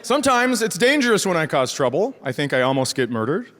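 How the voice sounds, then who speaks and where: A man doing stand-up comedy, telling stories in an animated way and acting out the people in them, from northern Minnesota. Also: a little high, fairly quick. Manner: animated storytelling, acting out other people's voices. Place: theater stage before a laughing crowd. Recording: live stage mic with audience noise.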